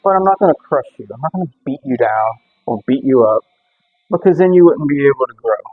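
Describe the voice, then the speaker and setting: A man giving a blunt, animated Bible talk between lifting sets in a gym, reading scripture aloud. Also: mid-range voice, fairly quick. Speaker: strongman Bible teacher. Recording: tinny lo-fi phone-like audio with faint music.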